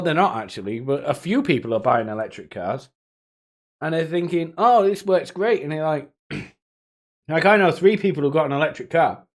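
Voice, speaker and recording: A man streaming live, chatting casually with viewers in a rambling, profane way, often laughing to himself. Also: a little high.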